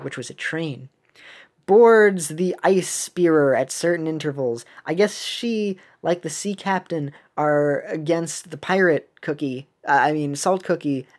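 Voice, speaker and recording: A woman's voice: low-pitched, a little mellow. A woman casually commenting on a mobile game update and reading its story text aloud, making puns, correcting herself and laughing at her own jokes. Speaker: game video creator.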